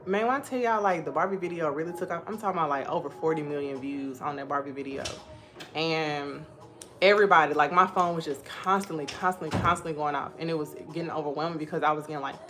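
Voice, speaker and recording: Hosting a relaxed live stream, a young woman with a low-pitched voice reads viewer comments aloud. She also spins animated stories and laughs frequently.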